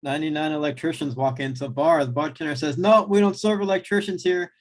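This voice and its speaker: A man's voice: a little high, fairly even intonation, quick pace. A man improv player telling a joke and acting out the bar dialogue.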